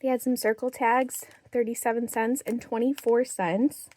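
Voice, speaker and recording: A young woman hosting a craft haul video, chatty and excited about bargains, slightly out of breath, reading out prices as she shows items. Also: fairly high pitch, moderate pace, a little hiss or hum. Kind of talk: casual show-and-tell haul.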